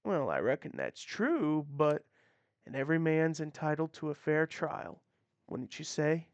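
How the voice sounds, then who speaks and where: A woman's voice: low voice, lively intonation, unhurried, a little mellow, no echo, lo-fi sound. A woman voicing a folksy older male sheriff with a frontier drawl. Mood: earnest.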